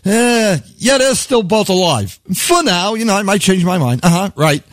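Man doing God, Brooklyn accent, chummy, wisecracking, profane, lively pitch. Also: moderate pace, no echo, clean studio sound. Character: God, brash fast-talking deity on the phone.

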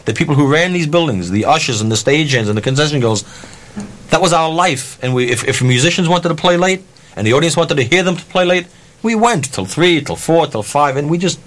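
A man who ran concert halls telling a story in a blunt, profane, animated way, acting out his own ranting. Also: on the high side. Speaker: concert promoter. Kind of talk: anecdotal storytelling.

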